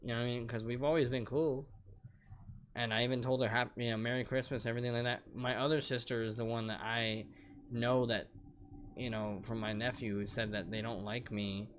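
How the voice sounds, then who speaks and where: A man's voice: mid-range voice, steady tone, a little fast, slight background noise. A young man streaming a game from home at night, rambling and venting in casual chat with plenty of swearing.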